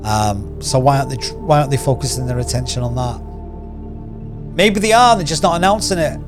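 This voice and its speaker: A man's voice: medium pitch, fairly quick, music in the background. A man hosting a casual news commentary channel, rambling and firing off rhetorical questions. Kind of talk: casual opinion commentary to camera.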